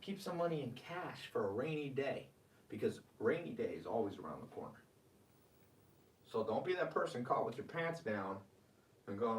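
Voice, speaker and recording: A man's voice: mid-range voice, lively intonation, normal speed, reverberant, distant mic. A man hosting a live-streamed money advice talk. He talks with energy and reads viewer comments aloud. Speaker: host.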